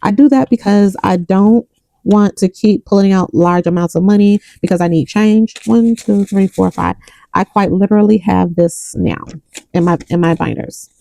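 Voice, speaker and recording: A young woman who vlogs about budgeting chats casually with viewers as she counts cash into envelopes, reading each number aloud and telling a story between counts. Her mid-range voice is mellow and slightly gravelly, at a moderate pace. The low-quality recording sounds close and dry, with no echo or room sound.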